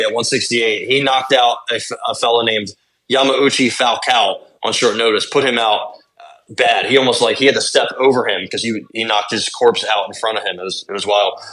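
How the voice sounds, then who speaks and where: A young adult man co-hosting a podcast, recapping fights in casual chat, talking fast and swearing. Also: medium pitch, fairly bright tone. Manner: rapid, swearing fight recaps with lots of fillers. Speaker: podcast co-host.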